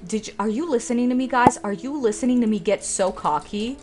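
A woman in her twenties, a let's play streamer, gives sassy, dramatic, exasperated commentary as she plays through a game. Her voice is a little high and brisk, and the recording is very noisy.

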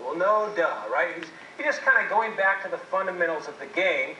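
A man's voice: high-pitched, a little fast, bright, forceful tone, slight background noise. A man presenting a seminar talk to an audience, telling stories with jokes and questions for the crowd. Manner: jokey storytelling, addresses audience. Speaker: marriage seminar speaker. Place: classroom, video played on a TV. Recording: echoey video playback from far off.

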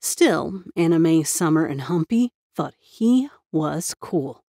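A woman narrating a spooky story in a measured storytelling manner. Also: sits low, animated, dark tone, no echo, studio quality. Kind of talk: scripted narration of a ghost story.

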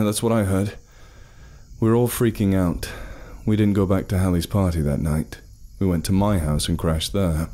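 Deep-voiced man narrating a horror story. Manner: expressive, storytelling.

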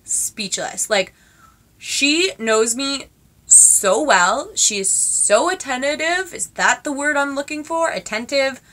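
Twenty-something woman vlogging, gushy and excitable, bright clear voice, says like a lot. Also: high voice, slow pace. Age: 20s. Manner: gushing, excitable, lots of "like" and gasps. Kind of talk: casual unboxing chat.

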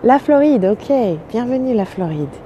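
A woman's voice: a little high, expressive, normal speed, muffled recording, background noise. A French-accented woman hosting an early-morning phone livestream outdoors, greeting viewers in French and English with a voice that is still sleepy. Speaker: livestream host. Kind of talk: casual live-stream chat. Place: outdoors on a windy seaside morning.

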